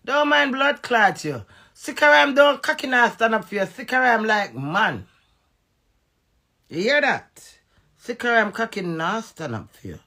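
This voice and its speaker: A Jamaican woman in an angry, profane social media rant, veering between loud outbursts and low muttering. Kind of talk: ranting social media live video.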